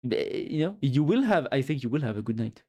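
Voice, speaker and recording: A man's voice: mid-range voice, big pitch swings, fairly quick, dark tone. Male streamer with a French accent, loose and rambling, answers chat and thanks followers, casual live chat. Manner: chatty, reads chat aloud and thanks followers; rambling, with fillers and giggles.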